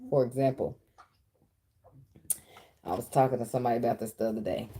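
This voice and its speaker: A woman's voice: a bass voice, brisk, warm tone, a little hiss or hum. A woman, giving a casual, blunt tarot reading full of swearing and chatter to the cards. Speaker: tarot reader.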